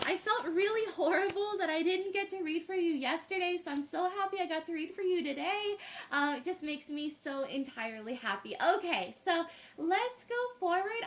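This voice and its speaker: A woman's voice: very high-pitched, a bit bright. A woman giving tarot readings on a casual livestream, gushing and affectionate as she greets viewers. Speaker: tarot reader streaming live.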